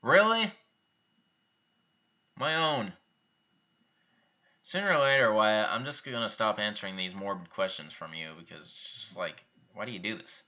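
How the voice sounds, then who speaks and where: A man's voice: fairly low pitch, a little fast, hardly any pauses, pushed and bright, highs cut off. A young man hosting a live viewer Q&A, reading out questions and answering them offhand and bluntly in a casual chat. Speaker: YouTube channel host answering viewer questions.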